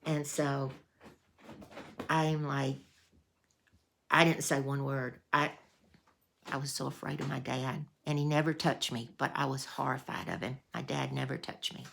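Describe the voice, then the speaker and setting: A woman's voice: extremely low pitch, flat delivery, unhurried, creaky, long pauses, a bit bright, slight background noise. A woman, telling a story in a folksy, meandering way as a vlogger. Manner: folksy, meandering with restarts and fillers. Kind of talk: casual storytelling.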